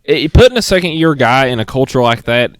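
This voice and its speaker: A blunt young man trading sports takes, his pitch swinging up and down as he rants and laughs. The sound is dry and close, with no room around it. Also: animated, brisk, clear, resonant tone, no room sound. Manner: blunt, opinionated, laughs often. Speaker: podcast co-host. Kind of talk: casual sports chat.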